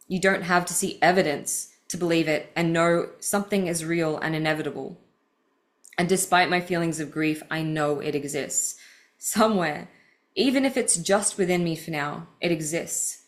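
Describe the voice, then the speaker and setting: A woman podcast host reading aloud from her own book with personal asides, earnest and vulnerable, her voice welling with grief. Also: fairly low pitch.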